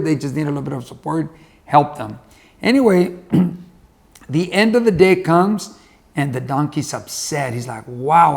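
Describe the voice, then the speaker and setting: Gravelly-voiced motivational storyteller man. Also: a little high. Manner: folksy, conversational, repeats points. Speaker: motivational speaker.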